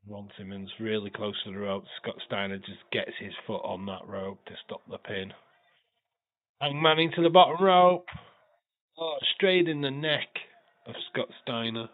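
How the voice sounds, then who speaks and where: A tired, stuffy-nosed man hosting a livestream, giving loose wrestling play-by-play with swearing and sudden excited bursts. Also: on the low side, normal speed. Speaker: livestream host. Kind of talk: casual wrestling watch-along commentary. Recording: thin phone-like sound.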